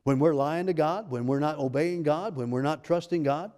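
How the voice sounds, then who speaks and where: Pastor guy preaching a sermon, fairly high voice, mellow tone, reads verses slow and drawn out. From United States. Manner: emphatic preaching, reading scripture in slow passages.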